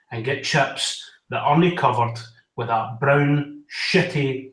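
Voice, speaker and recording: A man's voice: medium pitch, a bit bright, far from the mic. A man, a podcast guest ranting in sweary comic banter. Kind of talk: casual podcast chat. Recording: echoey room.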